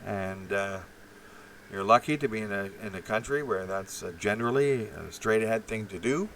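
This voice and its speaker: A man's voice: on the low side, normal speed, fairly bright tone, distant mic, slight background noise, rough recording. A man hosting a live stream, rambling profanely with many fillers and restarts while reacting to chat.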